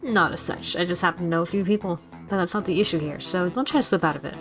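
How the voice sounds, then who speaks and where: A woman reading a visual novel aloud, voicing a cheerful, nosy male school nurse who lectures in a friendly but insistent way, with soft music behind. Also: fairly low pitch, fast, natural voice. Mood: prying.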